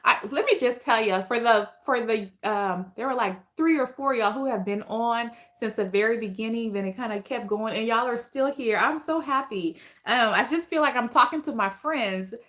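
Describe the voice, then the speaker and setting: A woman's voice: on the high side, normal speed, few pauses, a bit bright. A woman with a Liberian accent chatting casually on a livestream, reading viewer comments aloud and responding to them. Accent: Liberian English.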